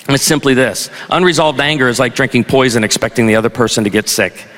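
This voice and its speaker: A man's voice: mid-range voice, quick pace, fairly bright tone. A middle-aged male pastor preaching a sermon in a large university auditorium, telling stories with wry humor in a conversational way. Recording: long hall reverb.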